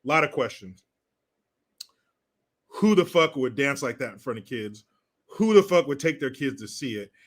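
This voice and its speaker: A man's voice: mid-range voice, animated, moderate pace, long pauses. A man hosting a live stream, ranting through political commentary in a crude, sarcastic way and swearing freely. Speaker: livestream host.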